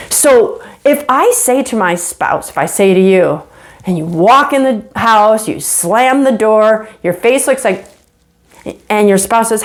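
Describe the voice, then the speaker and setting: A woman teaching relationship skills straight to camera, emphatic and animated, often checking in with "right?". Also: medium pitch. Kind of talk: direct-to-camera teaching talk.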